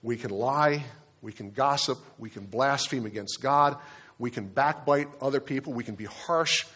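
A man's voice: medium pitch, normal speed, fairly bright tone, slightly rough. Man, pastor, sermon, conversational, fillers and restarts. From Delaware, United States. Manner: conversational preaching with fillers and repeated words.

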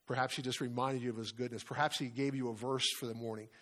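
A man's voice: mid-range voice, fairly even intonation, fast talker, fairly bright tone. A middle-aged man preaching a sermon in an earnest way, often asking his listeners questions. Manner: earnest, asks many questions. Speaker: pastor or Bible study leader.

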